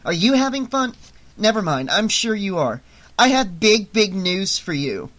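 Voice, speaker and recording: A reader voicing a crude, teasing teenage girl in an audiobook, loud and shrill in quick bursts. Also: very animated. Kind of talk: audiobook character voice.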